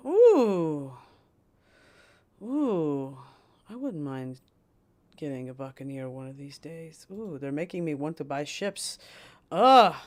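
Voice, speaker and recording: A woman streamer voicing a scheming female poison witch who tells fortunes, rambling and playfully mean in character. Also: low voice. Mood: gushing. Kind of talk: in-character livestream role-play.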